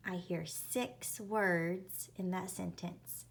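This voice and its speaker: Woman teacher, spelling lesson, very slow, careful sounding out of words. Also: on the low side, fairly even intonation, gravelly. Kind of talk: early-reading spelling lesson.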